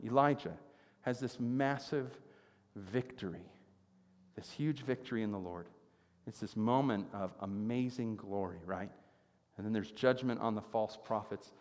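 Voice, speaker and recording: Man preaching a sermon in a reverberant hall. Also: medium pitch. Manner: conversational storytelling, asks listeners questions. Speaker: pastor.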